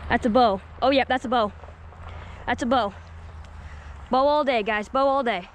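A woman vlogging while fishing outdoors at a lake, excitable and keeps calling out to viewers. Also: fairly high pitch, moderate pace, slight background noise. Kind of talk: excited outdoor vlog commentary. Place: outdoors at a lakeshore.

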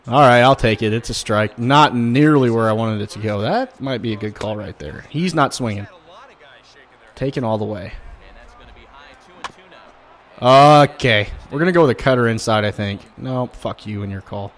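A man commenting on his own baseball video game play, swearing and flaring up at bad pitches, and talking straight to his viewers. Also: normal speed. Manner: swearing, frustrated outbursts at the game. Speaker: gaming YouTuber. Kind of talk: gameplay commentary.

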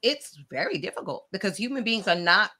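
A woman author and college professor, a guest in an interview, telling stories in a lively way and acting out the voices of other people. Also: medium pitch, fairly quick. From outside the United States. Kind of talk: animated interview conversation. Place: home, video call.

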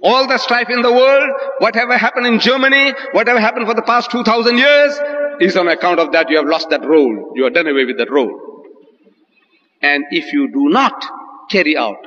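A man's voice: sits high, lively intonation, brisk, pushed and bright, big-room sound, muffled recording. A man giving an emphatic religious debate lecture, posing rhetorical questions and quoting scripture. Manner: emphatic, rhetorical, quotes scripture in Arabic and English.

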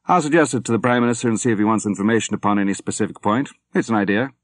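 A man voicing a brisk, businesslike senior naval officer, in an audiobook reading. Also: lowish voice, no echo, close to an everyday voice.

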